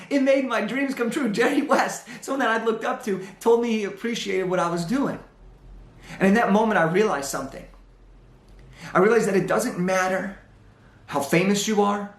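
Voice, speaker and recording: Young male motivational speaker, high, animated storyteller, echoey hall sound. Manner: animated storyteller, acts out dialogue. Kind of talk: storytelling talk on stage.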